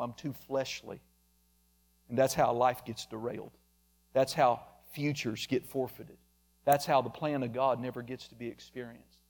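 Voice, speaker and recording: A man's voice: medium pitch, a little mellow. A man preaching a sermon emphatically, calling out members of the congregation by name. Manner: emphatic, addresses listeners by name.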